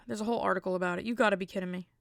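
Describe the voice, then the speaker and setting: A woman's voice: mid-range voice, vocal fry, dry recording, studio quality. A woman hosting a podcast, ranting in a casual, comic, exasperated way, full of fillers and restarts. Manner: rambling, exasperated comic rant with many fillers. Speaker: podcast host. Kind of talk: casual comedic chat.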